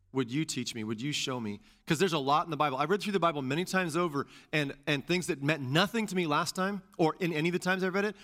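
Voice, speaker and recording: A pastor preaches in a lively, conversational style, repeating phrases for emphasis and tossing in casual asides. His male voice sits a little high.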